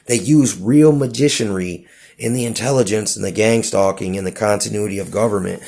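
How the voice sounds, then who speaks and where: A man with a low, gravelly voice talks in a loose, rambling monologue. He trips over his words, restarts sentences, and keeps dropping "dude" and "you know what I'm saying.". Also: brisk, dark tone. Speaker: vlogger.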